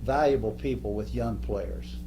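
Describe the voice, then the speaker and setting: A former ballplayer reminiscing in an unhurried, easygoing way during an interview. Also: male voice, fairly low pitch, music in the background, poor audio.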